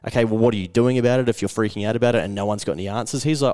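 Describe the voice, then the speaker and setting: A man's voice: on the low side, fairly even intonation, very fast, few pauses, a little mellow, no room sound, clean studio sound. A man with a New Zealand accent hosting a podcast, telling travel stories in casual chat and acting out what people said. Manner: storytelling, acting out quotes, frequent mate and fillers. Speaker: podcast host.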